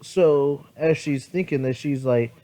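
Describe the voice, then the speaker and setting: A man's voice: medium pitch, a little slow, mellow. Man, casual rambling storyteller, sleepy, heavy fillers and restarts, phone-recorded. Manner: rambling, many fillers and self-corrections, casual swearing. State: sleepy, yawning. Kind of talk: casual improvised fan-story telling.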